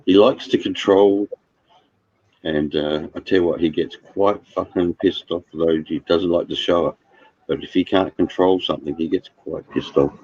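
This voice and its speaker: A man with a very deep, husky voice speaks bluntly and swears often. The sound is dry and dull, like a low-quality voice chat. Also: steady tone, moderate pace, a little mellow, no room sound. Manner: blunt, profane, gossipy. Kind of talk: casual chat.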